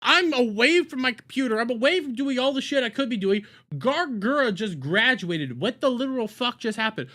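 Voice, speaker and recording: A man talking casually as a streamer reacting to a video, excitable and profane, rambling and joking with his chat. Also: very high-pitched, moderate pace, few pauses.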